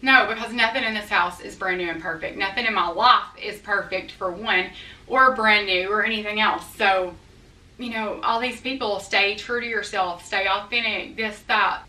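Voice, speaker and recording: A woman's voice: medium pitch, moderate pace, bright, forceful tone. Woman, middle-aged, blunt folksy vlogger, roomy echo, a bit distant. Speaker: vlogger addressing viewer comments. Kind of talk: candid talk to camera. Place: her house, indoors.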